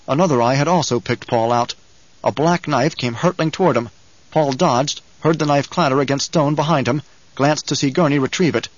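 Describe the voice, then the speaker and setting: A man reading scripted audiobook narration in a measured, dramatic way. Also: on the high side, no room sound, highs cut off.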